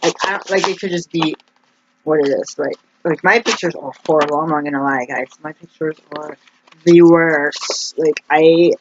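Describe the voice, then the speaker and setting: A woman's voice: sits low, steady tone, normal speed. A woman rambles casually to her viewers, sliding from one thought into the next and padding her sentences with "like." The recording sounds dull and lo-fi, with a faint hiss underneath. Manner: chatty, meandering, heavy use of "like". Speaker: vlogger.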